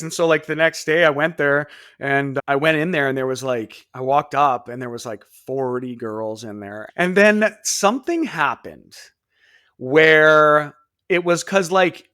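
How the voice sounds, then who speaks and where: A man in his thirties, a podcast guest telling stories casually and animatedly, jumping into high voices for quoted people. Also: lively intonation, a little slow, sharp tone, clean tone, no echo, clean studio sound. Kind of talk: casual storytelling.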